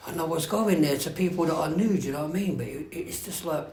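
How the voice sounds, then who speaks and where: In an echoey meeting room with faint background noise, a man speaks quickly in a slightly mellow, higher-pitched voice. His share at the recovery meeting is candid and rambling, laced with swearing and repeated checks on whether people know what he means.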